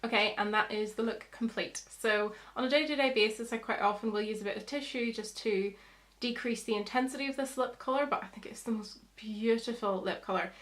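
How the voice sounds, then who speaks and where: A woman's voice: on the high side, fairly quick, a bit bright. A young woman, chatting through a makeup tutorial as a beauty vlogger, explaining each step.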